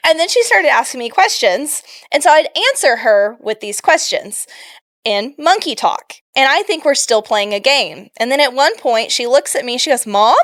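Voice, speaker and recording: A young woman with a high voice tells stories on a casual podcast. She is animated and pokes fun at herself, laughing often as she goes. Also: normal speed. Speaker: podcast co-host. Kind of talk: casual storytelling chat.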